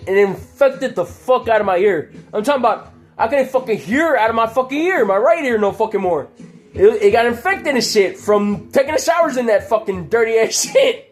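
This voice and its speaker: A man talks in a loose, profane storytelling vlog with an unusually high-pitched voice. Quiet music plays faintly behind him. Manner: profane, rambling, laughs often. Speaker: channel host. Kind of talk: casual storytelling.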